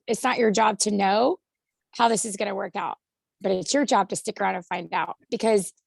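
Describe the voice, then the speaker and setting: A woman giving enthusiastic feedback on a video call, speaking emphatically with a hoarse, gravelly voice. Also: mid-range voice, no room sound. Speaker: community member giving feedback.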